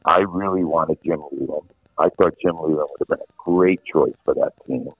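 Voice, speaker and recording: A middle-aged man with a very low, husky voice tells stories in an animated, casual way, often restarting his sentences. He comes through a thin, phone-like line. The sound is dry, with no room around him. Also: normal speed, no room sound. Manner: animated anecdotal, frequent restarts. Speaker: veteran sports radio host, guest. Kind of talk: casual storytelling chat.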